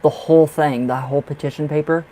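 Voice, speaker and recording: A man's voice: fairly high pitch, steady tone, fast, dark tone, a little hiss or hum, poor audio. A man hosting a live tarot reading stream, chatting casually and expressively with viewers and laughing often.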